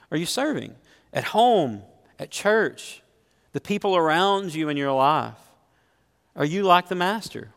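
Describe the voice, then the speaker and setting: A man's voice: a little high, creaky, fairly bright tone. A middle-aged man preaching a sermon as pastor, earnestly putting questions straight to his congregation. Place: church sanctuary. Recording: long reverb of a large hall.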